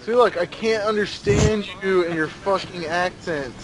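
A man's voice: sits high, unhurried, background noise. A young man giving live co-op gameplay commentary, bossy and profane in his banter with friends. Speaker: gamer.

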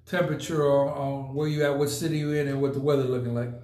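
A man's voice: medium pitch, flat delivery, quick pace, a little mellow, reverberant. A man hosting a casual podcast, talking emphatically and repeating points for effect. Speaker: podcast host. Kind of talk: casual live podcast talk.

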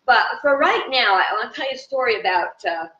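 A woman giving an informal live spiritual talk to viewers from her home in the country, chatty and animated, with fillers. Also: a little high, a little fast. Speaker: spiritual teacher. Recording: dull, roomy sound from a distant mic.

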